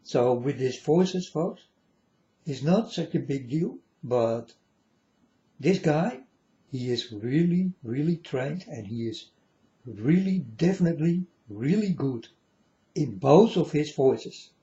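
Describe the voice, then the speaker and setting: In a muffled recording, a vlogger delivers a rambling, preachy spiritual monologue in non-standard English, repeating himself and calling his viewers folks. His voice sits on the high side, warm, slow and lively in intonation.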